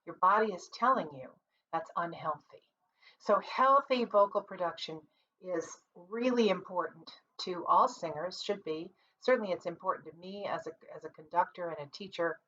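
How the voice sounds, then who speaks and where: A woman who is a music teacher and conductor, calmly explaining vocal technique in an online singing lesson, seated at her computer. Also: fairly low pitch, normal speed. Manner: calm, explanatory, practical. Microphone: computer mic. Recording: distant, dull lo-fi computer audio.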